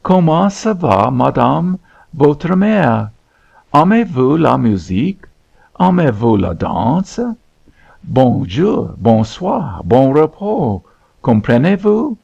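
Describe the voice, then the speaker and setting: A man's voice: mid-range voice, big pitch swings, slow pace, gravelly, a little mellow, breathy edge, lo-fi sound, voice pushed up, exaggerated voice. A man voicing a young girl who rattles off schoolbook French phrases. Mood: showing off.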